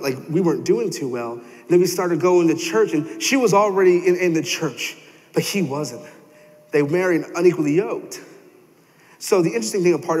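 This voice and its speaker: A young man preaching a sermon in a church, telling stories animatedly and acting out quoted voices. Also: on the high side. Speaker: pastor. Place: church sanctuary. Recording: long hall reverb.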